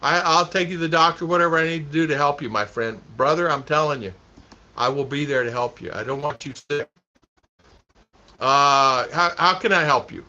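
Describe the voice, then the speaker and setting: Male vlog host chatting to a live chat, bright tense tone, rambles and repeats, muffled stream sound. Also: on the high side, fairly quick. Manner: rambling, repeats himself, laughs a lot. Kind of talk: casual livestream chat. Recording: dull lo-fi stream audio.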